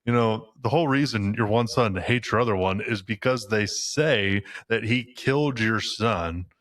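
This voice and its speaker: A man's voice: lowish voice, normal speed, fairly bright tone, no echo. A man co-hosting a casual book podcast, adding wry, crude joking asides. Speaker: podcast co-host. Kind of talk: casual book-discussion chat.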